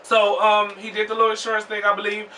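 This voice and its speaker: A young man telling a storytime vlog in a profane, animated way, acting out what people said. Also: high voice, fast, far from the mic, slight background noise. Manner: animated, profane, acts out quoted voices loudly.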